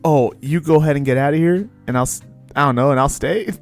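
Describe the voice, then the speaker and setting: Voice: medium pitch, fast, a little mellow, faint music behind. A podcast co-host in casual chat who gives dry joking answers and laughs often.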